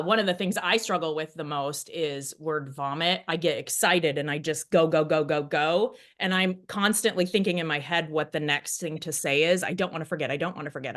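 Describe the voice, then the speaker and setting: A woman co-hosting a real estate coaching podcast, talking in a rambling, animated, self-interrupting way. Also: deep voice. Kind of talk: casual podcast discussion.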